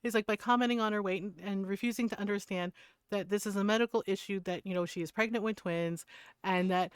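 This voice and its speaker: A woman streamer chatting casually and retelling a story with lots of swearing, laughter and quick asides. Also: medium pitch, clean tone, no room sound, clean studio sound. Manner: animated retelling, profane, laughs often. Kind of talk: casual chat.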